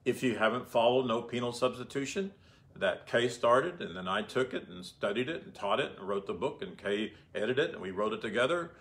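A man's voice: medium pitch, lively intonation, fairly quick. A man giving informal Bible teaching in a conversational way, often asking his listeners rhetorical questions.

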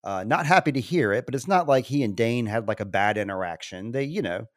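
A man's voice: mid-range voice, animated, brisk, no room sound, clean studio sound. A man recapping a TV episode in casual podcast chat, rambling and laughing often. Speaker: podcast co-host.

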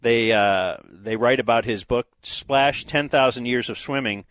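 A man's voice: medium pitch, a little slow, fairly bright tone, no echo. A man hosting a radio show, blunt and wry as he steers the talk. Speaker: radio host. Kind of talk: casual radio banter.

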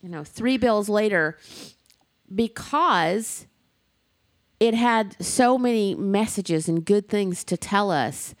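A woman's voice: mid-range voice, expressive, takes it slowly, dry recording, clean studio sound. Blunt, emphatic woman in casual chat. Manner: blunt, emphatic, swears freely. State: tearful near the end.

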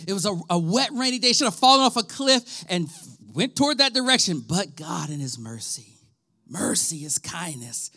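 A pastor in his thirties preaches a sermon in a high, bright, forceful voice. He is animated and emphatic, breaks into laughter, and speaks straight to the congregation. His delivery swings from quick asides to slow, stretched-out scripture lines. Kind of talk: livestreamed sermon.

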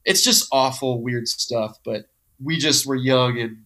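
A man from Modesto, California, telling animated, profane comedy stories as a podcast guest. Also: medium pitch, measured pace. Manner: animated, swears freely, acts out quotes. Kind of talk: casual storytelling chat.

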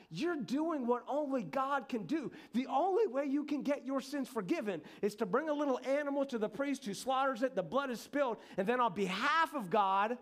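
A man doing scandalized, furious religious leaders, their voices pitched high and pushed loud. They scold and accuse, exasperated and incredulous. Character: indignant male religious leaders, scandalized and angry.

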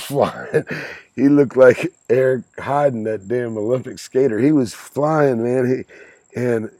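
A dark, mid-range voice with vocal fry, recorded without room sound. The speaker is the host's father, a man in his sixties chatting on the podcast, wandering through anecdotes while laughing a lot and cursing freely.

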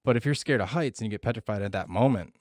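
A man's voice: on the low side, very fast, darkish tone, dry recording, clean studio sound. Profane man telling a story. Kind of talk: casual chat.

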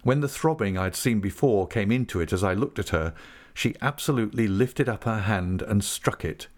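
Male audiobook narrator, measured, expressive, lively melodic reading. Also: fairly low pitch. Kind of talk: scripted narration.

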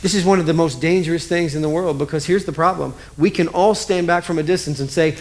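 High-voiced conversational male pastor. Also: quick pace, few pauses. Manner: conversational, animated, acts out scenes. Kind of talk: sermon.

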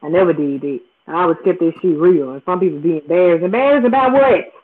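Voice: medium pitch, quick pace. Host from with a drawl, swears a lot and repeats themselves, mid-range voice, audio thin like a phone line. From Memphis, Tennessee. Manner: profane, emphatic, repetitive. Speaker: podcast host. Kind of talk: casual storytelling rant.

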